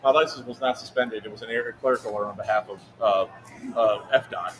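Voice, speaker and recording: A man casually telling a long, profane story, quick and animated. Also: on the low side. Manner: fast, animated, swearing anecdote teller. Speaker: livestream co-host. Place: outdoor airsoft event. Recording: noisy event ambience.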